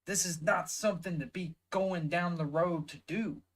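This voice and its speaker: A man's voice: high-pitched, moderate pace, rough recording. A man with a Southern US accent giving heated, emphatic reaction commentary, swearing often and stressing words one by one. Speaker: reaction video host.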